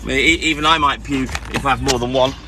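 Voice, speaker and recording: A hoarse man chatting calmly to viewers on a live stream from inside his van. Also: quick pace, music in the background. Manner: keeping his voice calm and low, chatting to viewers. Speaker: livestreamer. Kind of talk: casual live-stream chat.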